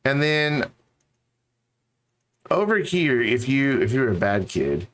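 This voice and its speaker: A man's voice: medium pitch, sing-song, slow pace, fairly bright tone, a little hiss or hum. A man streaming a game, chatting casually and rambling to his viewers. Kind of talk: casual live-stream chat.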